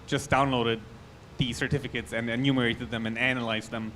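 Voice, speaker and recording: Speaking a little fast with little pitch movement, a man with a German accent delivers a technical conference talk in a hall. His medium-pitched voice is fairly bright over a little hiss or hum, and his style is loose and conversational, full of restarts and asides.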